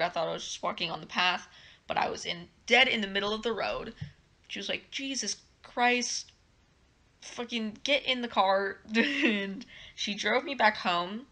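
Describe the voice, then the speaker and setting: A young woman tells a casual story-time vlog with a bright, ringing tone. She rambles along with plenty of fillers and keeps breaking into giggles. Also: medium pitch. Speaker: vlogger.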